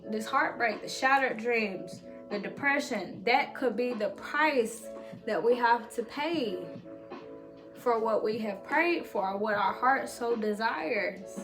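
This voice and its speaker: Woman vlogger, blunt and profane but reassuring, fairly high voice, music under her. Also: takes it slowly. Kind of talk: motivational talk to camera.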